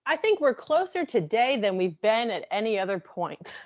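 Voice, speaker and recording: A woman's voice: medium pitch, sing-song, moderate pace, dry recording. Woman, podcast co-host, wry and chatty, dry close sound, dull lo-fi tone. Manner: wry, restarts sentences, laughs easily. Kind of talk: casual chat over wine.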